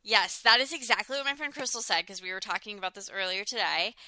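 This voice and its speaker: A woman in her thirties chats casually on a podcast, her voice very bright and forward. She talks in a loose, rambling way, full of fillers and quick restarts. The sound is dry and close, with no room around her. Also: mid-range voice, no echo. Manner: chatty, many "like" fillers and restarts. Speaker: podcast co-host. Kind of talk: casual chat reviewing a dating show.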